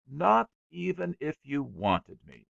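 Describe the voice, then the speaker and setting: A man's voice: medium pitch, sing-song, measured pace, vocal fry, dry recording, lo-fi sound, voice pushed up, exaggerated voice. A man voicing a sulky, bored schoolboy who pleads and complains emphatically in an audiobook. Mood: sulky pleading.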